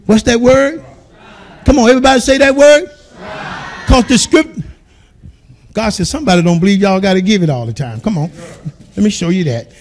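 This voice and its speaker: A man preaching a sermon as pastor, calling out to the congregation and swinging between quiet storytelling and shouting. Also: high-pitched, normal speed, long pauses.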